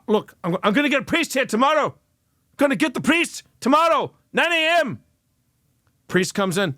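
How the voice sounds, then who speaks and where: Animated, high-voiced podcast host. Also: male voice, normal speed, no echo, clean studio sound. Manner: animated, laughing, stumbling restarts. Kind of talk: casual reaction commentary.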